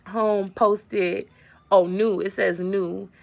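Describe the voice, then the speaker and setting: A woman's voice: mid-range voice, fairly even intonation, extremely slow, vocal fry, highs cut off. A woman vlogger in a casual update, telling a story in a chatty way and talking straight to her viewers.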